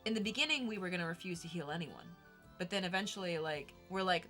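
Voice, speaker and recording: Bright-voiced woman telling a story. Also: fairly low pitch, quick pace, soft background music. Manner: animated, acts out quoted dialogue. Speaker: co-host. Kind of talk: casual storytelling chat.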